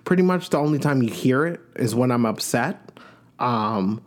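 A man's voice: mid-range voice, lively intonation, normal speed. A man from Long Island, New York, hosting a podcast and giving a chatty, gossipy recap of a reality show with playful asides. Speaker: podcast host.

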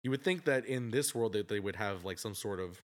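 A man's voice: on the low side, brisk. Chatty man retelling movie scenes. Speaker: podcast co-host. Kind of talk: casual movie review chat.

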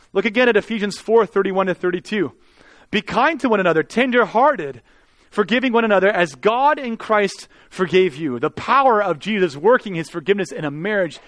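A man, a pastor, preaching a sermon with earnest intensity, swelling loud and then dropping to soft, intimate tones. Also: sits high, no echo.

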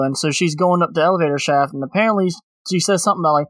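A man with a fairly high voice, co-hosting a comic book podcast in a relaxed, easy way. He retells scenes plainly and laughs along with his co-host. His voice is close and dry on the mic. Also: racing, few pauses, dry recording. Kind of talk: casual comic book review chat.

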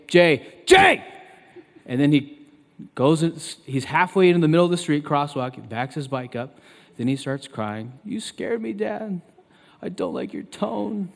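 A man in his thirties preaching a sermon as pastor, turning loud and emphatic when he quotes scripture. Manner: emphatic, loud and high when quoting God. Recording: long reverb of a large hall.

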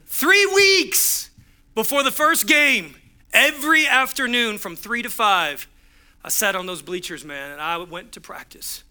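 A man's voice: very high-pitched, expressive, measured pace, sharp tone, clear, resonant tone. A man preaching a sermon as pastor, driving home points with punchy repeated phrases and acting out the voices in his stories.

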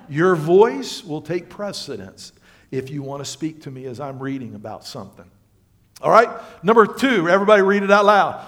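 A male pastor preaching a sermon to his congregation, swinging between loud emphatic lines and quiet, low asides. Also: animated, a little fast. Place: church sanctuary.

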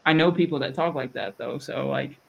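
A man's voice: mid-range voice, a little fast, gravelly, a bit bright, muffled recording. A man with a Southern US accent hosting a podcast, rambling and chatty, often restarting his sentences. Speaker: podcast host. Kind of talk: casual chat.

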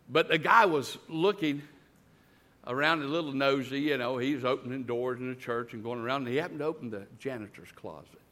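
A man preaching a sermon, telling stories and calling out to the congregation for amens. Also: mid-range voice. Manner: animated storytelling preacher, calls out to the congregation. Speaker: guest preacher.

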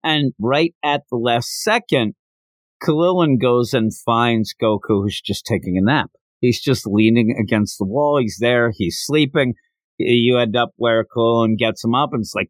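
A man's voice: mid-range voice, lively intonation, a little slow, no room sound. A man hosting a podcast, casually retelling a manga chapter in a chatty storytelling way, acting out quotes. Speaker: podcast host.

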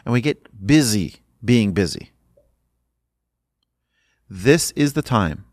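A man's voice: fairly low pitch, expressive, slow, dry recording, studio quality. Emphatic male sermon teacher. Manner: urgent and emphatic, repeating phrases. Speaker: religious teacher.

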